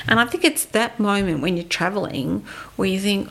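A woman's voice: mid-range voice, big pitch swings, normal speed, creaky, a bit bright. A middle-aged Australian woman telling a travel story in casual podcast chat, with a vivid, anecdotal way of talking. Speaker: podcast co-host.

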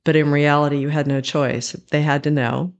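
A man hosting an interview, speaking in a gentle, sympathetic, measured way. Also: fairly high pitch, flat delivery, gravelly, dull audio. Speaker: podcast host.

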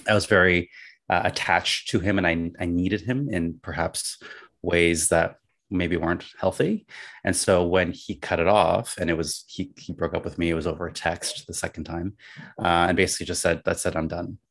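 A man in a casual chat, telling a personal story in a measured, reflective way with pauses. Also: deep voice, fairly even intonation, fairly bright tone.

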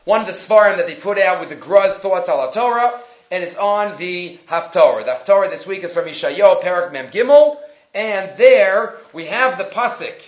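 A man teaching a Torah class, telling a story and slowing down to read verses aloud. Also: high-pitched. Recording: roomy, dull lo-fi recording.

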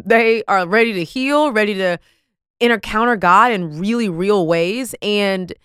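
A woman hosting a podcast in casual chat, telling stories in an effusive, animated way. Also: mid-range voice, a little slow, smooth, no echo, clean studio sound. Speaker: podcast host.

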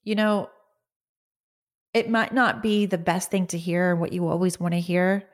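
A woman's voice: on the low side, steady tone, normal speed. A middle-aged woman hosting her own podcast, talking in a casual, earnest way and often checking in with "right?". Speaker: podcast host. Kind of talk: casual motivational talk.

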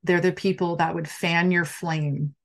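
A woman's voice: fairly low pitch, a little slow. A middle-aged woman coach talking candidly on a live stream, reading out viewer comments and acting out her own past worries. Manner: candid, expressive, acts out her own quoted thoughts.

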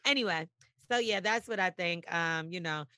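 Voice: mid-range voice, moderate pace, bright, forceful tone, no echo, clean studio sound. A podcast co-host in casual chat, joking bluntly and reading out listener messages.

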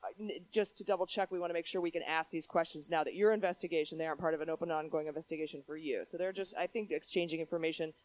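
A woman's voice: sits low, fairly even intonation, racing, hardly any pauses, dry recording. A woman co-hosting a live podcast, explaining things in a rambling way with lots of fillers. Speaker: podcast co-host. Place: theater stage before a live audience.

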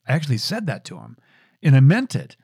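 A man's voice: medium pitch, wildly swooping pitch, fast talker, warm tone, slightly rough, dry recording, clean studio sound. A middle-aged man hosting a show, telling a personal story in an earnest, reflective way with frequent restarts. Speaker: show host.

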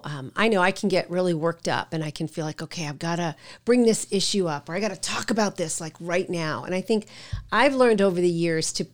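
Middle-aged woman cohost, kinda low voice, chatty, lots of yeahs and agreeing. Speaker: podcast co-host, pastor's wife. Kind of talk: casual chat.

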